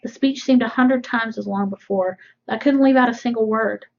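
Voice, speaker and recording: A woman's voice: a little high, fairly quick, vocal fry, highs cut off. A woman teacher reading a novel aloud to a class, breaking off for casual explanations. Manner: casual asides between readings.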